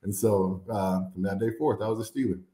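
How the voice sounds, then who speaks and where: Lively, low-voiced man telling stories. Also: a little fast, roomy sound. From Indiana, USA. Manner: animated storyteller, laughs often, acts out quotes. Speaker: guest, former football player. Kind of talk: casual interview storytelling.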